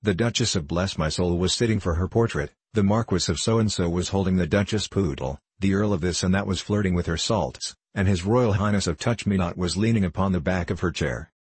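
Low, husky male narrator, dry close sound, measured and wry. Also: a little mellow, no room sound. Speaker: audiobook reader. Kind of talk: scripted narration of a classic story.

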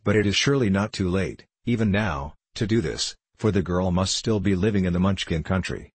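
A man reading the part of a kindly, dutiful tin man emperor in an audiobook, speaking in a measured, formal way. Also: low-pitched, slightly rough, no echo. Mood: earnest.

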